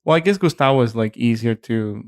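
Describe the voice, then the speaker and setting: A man's voice: mid-range voice, fairly quick, dry recording, studio quality. A young adult man from Mexico with a Mexican accent, co-hosting a podcast in a chatty way with many fillers. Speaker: podcast co-host. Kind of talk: casual chat.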